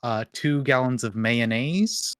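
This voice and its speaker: A man playing in a tabletop game, cracking deadpan jokes. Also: medium pitch, slow, smooth, dry recording. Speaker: player.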